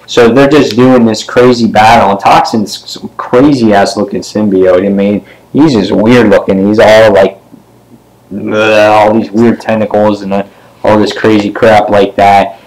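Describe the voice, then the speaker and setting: A man giving a casual comic book review, retelling the story in a rambling way with many fillers and sometimes jumping up in pitch to act out a character's line. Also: steady tone, measured pace, darkish tone, rough recording. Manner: briefly acts out characters' lines with pitch jumps.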